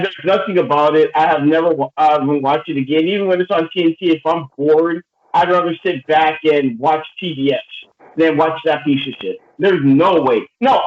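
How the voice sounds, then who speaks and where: A middle-aged man moderating a casual podcast roundtable, ranting in an animated, profane way. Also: on the high side, moderate pace, reverberant, muffled recording.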